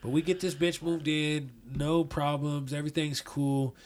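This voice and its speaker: A man's voice: on the high side, level tone, normal speed, a little hiss or hum. A young man from Colorado telling a profane, slang-heavy story in casual chat, acting out the quotes. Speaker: guest storyteller.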